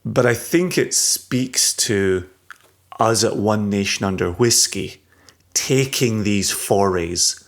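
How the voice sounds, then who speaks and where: A man's voice: fairly low pitch, slow pace, gravelly. A man co-hosting a casual podcast, teasing his partner and thinking aloud in a reflective way. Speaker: podcast co-host.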